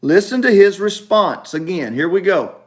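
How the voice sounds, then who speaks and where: A man's voice: high-pitched, expressive, normal speed. A middle-aged man, hosting a casual talk livestream from home and repeating his points emphatically. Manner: emphatic, repeats instructions to viewers. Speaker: talk show host.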